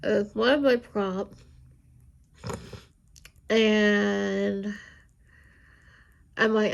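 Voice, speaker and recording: A woman chatting casually with viewers while she inks a drawing, rambling and chatty, with a high squeaky voice. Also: extremely slow, creaky, long pauses, dull audio. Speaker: art channel host.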